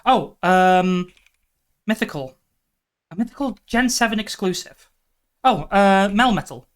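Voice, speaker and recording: A woman's voice: mid-range voice, lively intonation, measured pace. A woman streaming live, thinking aloud through a guessing game and breaking into exasperated outbursts. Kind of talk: live stream chat while gaming.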